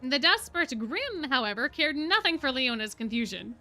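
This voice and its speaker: A woman streamer reading a novel aloud live, lively and laughing at the text. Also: sits high, moderate pace, hardly any pauses, dry recording, faint music behind.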